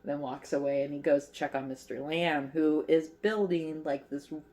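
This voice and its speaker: On her crochet channel, a woman with a deep, warm voice retells a favorite movie at a moderate, steady pace. She rambles chattily with plenty of fillers and playfully acts out the characters' lines.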